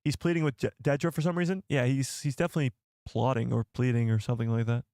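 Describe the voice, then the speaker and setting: A man's voice: mid-range voice, fairly even intonation, fast talker, darkish tone, no room sound, studio quality. A young man hosting a casual live stream, chatty and jokey, thinking aloud with fillers as he reads out viewer comments.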